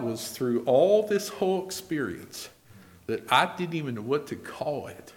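Preaching with great animation, the man alternates booming declarations with hushed asides. Scripture comes out in a slow, archaic rhythm.

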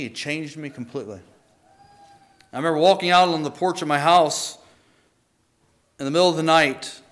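Earnest man giving a halting testimony. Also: a little high, a bit bright. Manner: earnest, halting, with frequent restarts. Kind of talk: personal faith testimony.

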